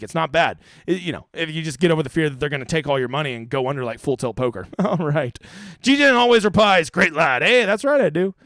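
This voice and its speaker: A man with a high, lively voice runs a casual live-stream Q&A, reading out chat questions and answering them bluntly, swearing now and then. He talks close to the mic in a dry, dead room with no echo. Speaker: fantasy golf streamer.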